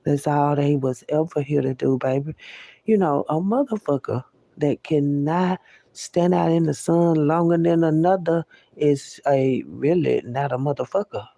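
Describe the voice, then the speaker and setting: A man's voice: on the high side, unhurried, vocal fry, dark tone, no room sound. A man talking straight to the listener in a casual, profane, emphatic monologue, often repeating himself. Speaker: vlogger.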